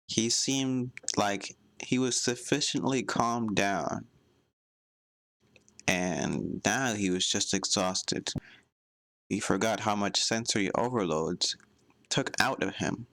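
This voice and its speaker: A man reading fan fiction aloud in a plain, unhurried way, close to the mic. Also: on the low side, vocal fry, a bit bright, no echo. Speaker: fanfic reader.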